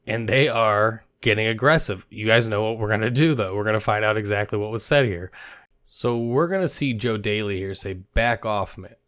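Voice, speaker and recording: A man's voice: lowish voice, a little fast, fairly bright tone. A man hosting a football video, chatting casually over game clips and laughing now and then as he guesses what players said. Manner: chatty, laughs while narrating, guesses at quoted lines.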